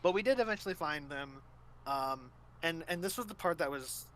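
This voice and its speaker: A man with a bright, slightly high voice hosting a casual talk show. He tells tabletop game stories in a loose, rambling way, full of fillers. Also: lively intonation, normal speed, a little hiss or hum. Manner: rambling storytelling with many fillers. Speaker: host. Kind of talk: casual chat.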